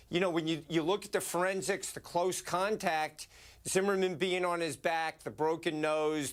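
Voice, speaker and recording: Man, lawyer guest, measured analytical tone, slightly high voice. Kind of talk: legal commentary.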